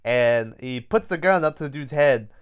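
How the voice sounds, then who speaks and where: Male podcast host, mid pitch, smooth tone, loose profane movie recap from his bed. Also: expressive, moderate pace. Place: lying on his bed at home.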